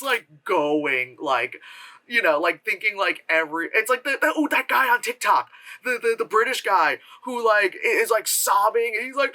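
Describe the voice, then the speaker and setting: Animated, high-voiced man ranting casually. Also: moderate pace. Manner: animated, profane, slips into mocking impressions. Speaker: movie reviewer.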